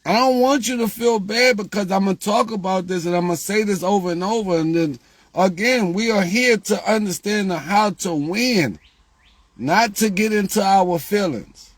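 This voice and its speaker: A man's voice: high voice, normal speed, dry recording. Exasperated man, close and dry. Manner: repetitive, exasperated, rises when quoting viewers. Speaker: lottery tips creator. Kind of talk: casual talk to viewers.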